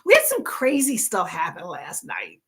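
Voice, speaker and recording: A woman's voice: fairly low pitch, wildly swooping pitch, moderate pace, creaky. Tired woman hosting a book stream, chatty, laughs a lot, voice jumps all over. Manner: chatty, laughs often, greets chat warmly. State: tired from no sleep. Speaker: livestream book club host. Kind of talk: casual livestream chat.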